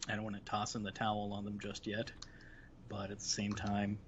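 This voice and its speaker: A man's voice: fairly low pitch, completely flat delivery, fairly quick. A man hosting a live game stream, chatting casually and reminiscing, with lots of restarts. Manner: rambling, reminiscing, many restarts and fillers. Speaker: livestream host. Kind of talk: casual chat while gaming. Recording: slightly dull stream audio with faint hiss.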